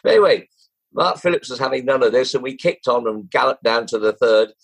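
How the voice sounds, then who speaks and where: An older man with a gravelly, husky voice spins anecdotes with a wide, animated swing of pitch. He slips into quoted voices and restarts his sentences as a guest in a relaxed interview. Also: brisk, poor audio. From England. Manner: lively, acts out quoted voices, chuckles, restarts often. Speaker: guest, former jockey and racing broadcaster. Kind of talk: anecdotal storytelling.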